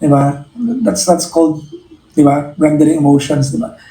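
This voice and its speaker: A man's voice: fairly high pitch, unhurried, warm tone, roomy sound, low-quality recording. A man with a Filipino accent hosting a live stream, speaking in an earnest, reflective way and often restarting his phrases. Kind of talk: casual live-stream chat to viewers.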